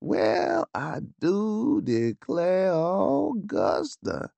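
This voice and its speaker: A man voicing a young man who puts on an exaggerated Southern drawl, slow and teasing. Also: high voice, wildly swooping pitch, creaky, warm tone, dry recording, voice pushed up, heavily acted. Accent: exaggerated American Southern. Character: flamboyant young man doing a mock southern belle.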